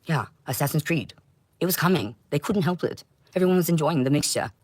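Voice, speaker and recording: A woman delivering an intense, rambling livestream monologue, swinging between loud outbursts and low muttering. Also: lively intonation, brisk, husky, dry recording. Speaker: livestream host.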